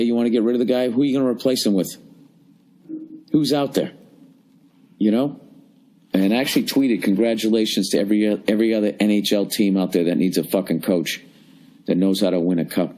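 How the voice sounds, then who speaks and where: A man's voice: on the low side, a little mellow. A man in his forties ranting and grumbling through a profane solo comedy podcast from a hotel room. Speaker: podcast host.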